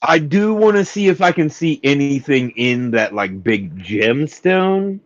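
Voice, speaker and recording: A man's voice: fairly high pitch, lively intonation, measured pace. A man playing a tabletop game, chatting casually about his character's stats. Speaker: player. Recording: muffled lo-fi mic.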